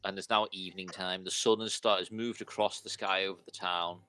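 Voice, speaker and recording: A man narrating a tabletop game as dungeon master, in a relaxed, chatty way. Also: sits low, fairly quick, clear, resonant tone, no echo.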